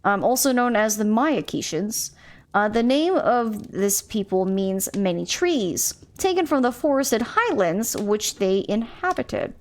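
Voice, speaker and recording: A woman streaming a mystery game, talking casually and at a mid pitch. She reads game text aloud, trips on unfamiliar names, and muses to her chat. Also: very animated, slow pace. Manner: chatty, musing, stumbles over names.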